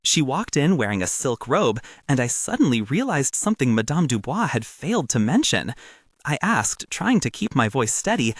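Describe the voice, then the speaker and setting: A male storyteller tells a first-person story with animated, dramatic emphasis. His pitch swings widely. The recording is dry and close. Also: moderate pace, breathy edge, no room sound.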